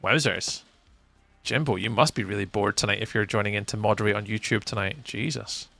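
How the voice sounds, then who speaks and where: A young Scottish man chatting casually with viewers on a live game stream, playful and reading chat out loud. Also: on the low side, fairly quick, creaky, no room sound, faint music behind.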